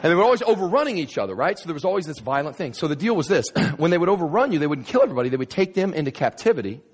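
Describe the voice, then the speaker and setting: Male preacher telling a story all animated and jokey, voice swoops up and down a lot, pretty high for a guy. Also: rapid-fire, slightly rough. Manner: animated storyteller, humorous, with frequent stammered restarts. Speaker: pastor. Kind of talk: sermon.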